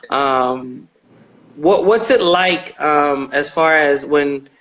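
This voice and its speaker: A man hosting a radio show, chatting casually and haltingly with many fillers. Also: on the high side, fairly bright tone, poor audio. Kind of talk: casual interview chat.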